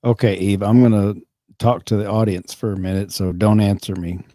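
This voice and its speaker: Mellow, rambling middle-aged man. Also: on the low side, flat delivery, no echo, clean studio sound. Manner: rambling, halting, self-correcting. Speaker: podcast host. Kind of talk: casual chat.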